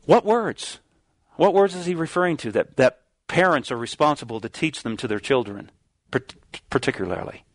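A man delivers a sermon, reading old scripture verses slowly and pressing hard on the key words. His voice sits in a middle range, and the sound is dry and close with no room around it. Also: medium pitch, animated, dry recording. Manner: reads King James verses slowly, stresses key words, some restarts. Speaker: preacher.

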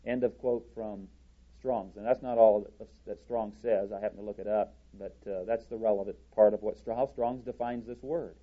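Deliberate preacher man, lo-fi sermon. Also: lowish voice, fairly even intonation. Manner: deliberate, halting, with restarts. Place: church podium.

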